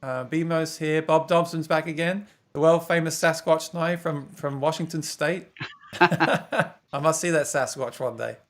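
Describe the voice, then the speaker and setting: A chatty English man hosting a livestream, running through viewer comments and laughing easily. His voice sits a little high for a man. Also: steady tone, unhurried. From England. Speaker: host of a guitar livestream. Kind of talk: casual livestream chat.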